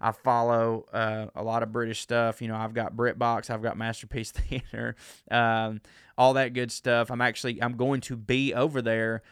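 A man's voice: medium pitch, flat delivery, moderate pace, clear, resonant tone, no echo, clean studio sound. A man, hosting his own podcast as a comedian and rambling in a self-mocking way with lots of fillers. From Southern US. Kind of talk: casual solo podcast chat.

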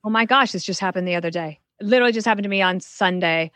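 A woman's voice: mid-range voice, racing, fairly bright tone, dry recording. A woman guest on a podcast interview, frankly giving career advice and telling stories from her work. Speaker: guest author.

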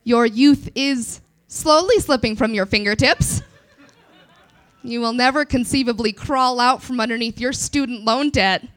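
A woman's voice: a little high, a little slow, fairly bright tone. A woman voicing a chipper female radio traffic announcer who reads grim news in a cheery, upbeat way.

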